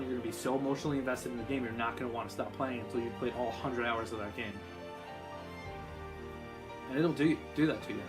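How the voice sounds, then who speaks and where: Male vlogger, mid-pitched, excitable and rambly, music bed underneath. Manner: excitable, gushing, rambling with many fillers. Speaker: YouTuber. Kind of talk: casual gaming vlog.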